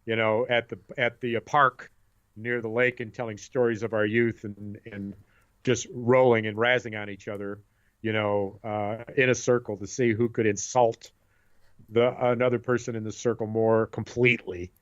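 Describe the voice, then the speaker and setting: Animated man telling stories on a podcast. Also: fairly low pitch, normal speed. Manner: animated storyteller, acts out voices. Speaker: podcast co-host. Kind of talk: casual chat. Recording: dull lo-fi sound.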